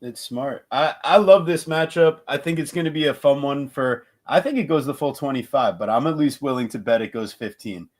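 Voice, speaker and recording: Give me an animated, jokey man breaking down fight bets as co-host. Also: medium pitch, brisk, hardly any pauses. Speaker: podcast co-host and betting analyst. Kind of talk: casual fight-betting chat.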